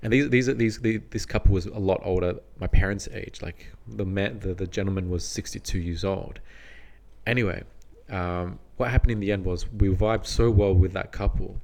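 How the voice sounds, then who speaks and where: Laid-back man with a very low voice. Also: fairly even intonation, moderate pace, gravelly, darkish tone. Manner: laid-back, rambling, frequent restarts. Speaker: podcast co-host. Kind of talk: casual storytelling.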